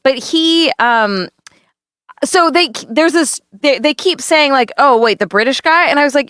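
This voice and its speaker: A woman co-hosting a podcast, chatting casually and frankly, with lively swearing. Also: high voice, measured pace, no room sound, studio quality. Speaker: podcast co-host. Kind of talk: casual chat.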